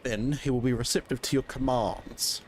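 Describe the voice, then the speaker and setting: A man's voice: medium pitch, steady tone, moderate pace, a little hiss or hum, lightly acted. A man reading as a scheming male underling. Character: scheming male servant proposing a sly plot.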